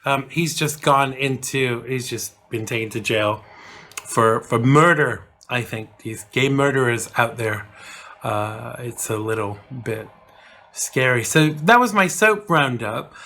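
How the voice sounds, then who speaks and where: A man talks casually straight to camera as a vlog host. His voice is bright and forward, with a middling pitch. He rambles, trails off, and fills pauses with ums and uhs. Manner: chatty, rambling, with many fillers and restarts.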